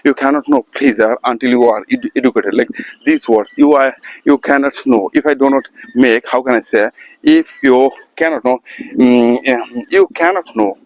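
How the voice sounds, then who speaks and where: A man talking to viewers in an unscripted practice monologue, halting and searching for words, with many restarts and fillers. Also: mid-range voice, fairly even intonation, low-quality recording. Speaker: English practice vlogger. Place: outdoors by a road.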